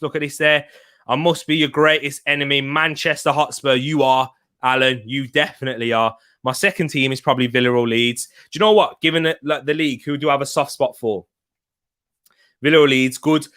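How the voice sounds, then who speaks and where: A man hosting a football watch-along live stream, chatting casually, reading out viewers' messages and shouting excitedly when a goal goes in. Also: on the high side. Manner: chatty, reads chat aloud, bursts into shouting at goals.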